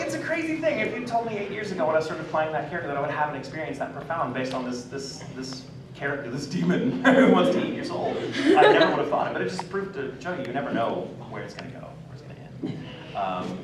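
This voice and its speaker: On a convention panel full of laughter, a male American voice actor tells stories in a slightly high voice at a quick pace. He's lively and laughs a lot, and the distant mic in the echoing hall picks up background noise.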